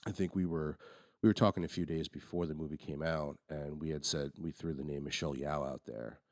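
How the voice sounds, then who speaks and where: A man's voice: rumbling low, a little fast, no echo, clean studio sound. A man co-hosting a podcast, reviewing a movie in casual, rambling chat with many restarts. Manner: rambling, frequent restarts and fillers. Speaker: podcast co-host.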